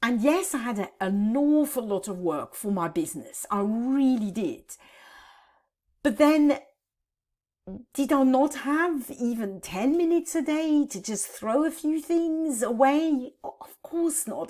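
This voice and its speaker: A woman in her fifties talks to camera from her home office, halting and close to tears as she vlogs. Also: high-pitched, darkish tone. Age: 50s. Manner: halting, repeats words, tearful. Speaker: decluttering vlogger. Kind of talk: emotional vlog to camera.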